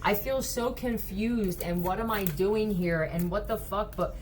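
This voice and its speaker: A woman's voice: mid-range voice, a little slow, a little mellow, slight background noise. A woman with a Philadelphia accent doing a tarot card reading vlog, talking in a blunt, profane, rambling way from a hotel room. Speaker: tarot reader.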